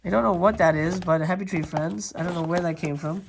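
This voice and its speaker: A man's voice: sits high, steady tone, brisk, creaky, background noise. A man hosting a casual video tour of his movie collection, talking enthusiastically and rambling with lots of fillers and restarts. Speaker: YouTube host. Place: home movie room.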